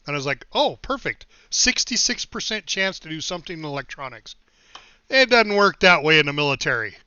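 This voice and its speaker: Bright-voiced middle-aged man, rambling stories. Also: on the high side, very animated, brisk, clear, resonant tone, no room sound, lo-fi sound. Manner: rambling anecdotes, chuckles, thanks followers. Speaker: game streamer. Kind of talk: casual storytelling while livestreaming.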